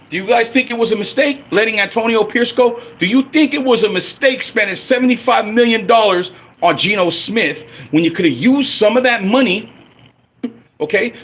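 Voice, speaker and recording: A man's voice: high-pitched, a bit bright, breathy edge. A man in his forties ranting angrily and profanely as a fan on his own livestream. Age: 40s. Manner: angry, profane, blunt. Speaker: livestream host.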